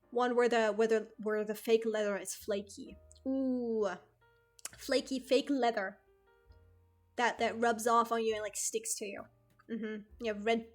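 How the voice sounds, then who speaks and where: A young woman with a slightly high voice talks in a loose, rambling stream chat. She swears freely and leans on constant fillers. Faint music plays behind her. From outside the United States.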